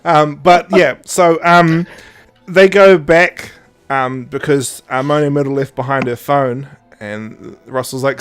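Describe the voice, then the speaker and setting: A man's voice: on the high side, slow pace, smooth. A young man co-hosting a podcast, rambling and sarcastic in casual chat, laughing often. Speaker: podcast co-host.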